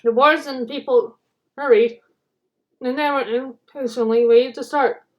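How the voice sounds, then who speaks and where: A woman reading a children's storybook aloud in a fairly high voice. Her narration is animated and dramatic, carrying the story along between the characters' lines. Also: unhurried, dull audio. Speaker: storybook reader.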